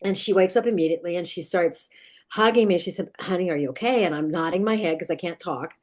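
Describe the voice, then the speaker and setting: A woman's voice: on the low side, fast talker. A middle-aged woman, a dream expert guest, earnestly retelling a childhood nightmare in vivid detail, with many restarts. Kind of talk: storytelling in an interview.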